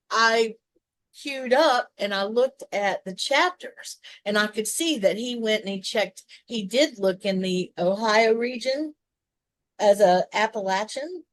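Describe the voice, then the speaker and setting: Recorded with no room sound, this Southern US woman speaks on the high side as a co-host in a casual chat. She meanders through lengthy explanations, restarting and drifting into asides.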